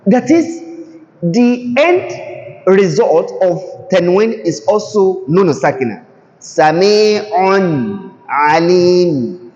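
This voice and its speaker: A man teaching Tajweed who explains patiently, repeats example words slowly, and keeps asking the listener "can you see?". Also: sits high, big pitch swings, a little mellow. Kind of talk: classroom-style recitation lesson. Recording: dull lo-fi sound in a reverberant hall.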